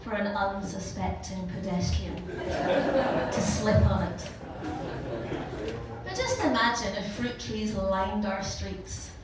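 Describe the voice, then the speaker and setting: A Glaswegian woman delivering a scripted comedy monologue at an unhurried pace, timing each punchline. She is recorded from far off in a very echoey hall with loud background noise. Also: mid-range voice, lively intonation. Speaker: comedy performer. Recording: echoey live venue, distant mic, noise.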